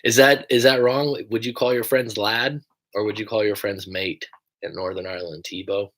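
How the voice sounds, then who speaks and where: A man's voice: fairly low pitch, fairly even intonation, normal speed, fairly bright tone. A young American man who coaches people through breakups, chatting casually and rambling on a livestream, swearing now and then. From United States.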